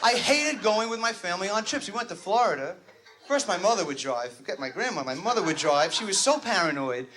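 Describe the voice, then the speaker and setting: A man's voice: high voice, expressive, a little fast, bright, forceful tone. A man doing a rambling, neurotic stand-up comedy routine, interrupting himself. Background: audience laughter.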